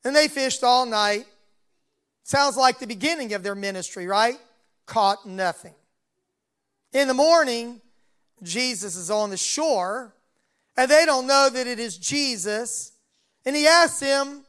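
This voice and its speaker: A male preacher delivering a sermon at an unhurried, deliberate pace. His voice is smooth and clear, and he slips into the lines of the story's speakers as he retells it. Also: extremely high pitch, fairly bright tone.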